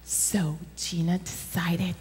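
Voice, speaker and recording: Slow, breathy woman telling children a story. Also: on the low side. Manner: slow and animated, addressing children. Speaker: children's story leader at church. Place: church sanctuary. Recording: reverberant church hall.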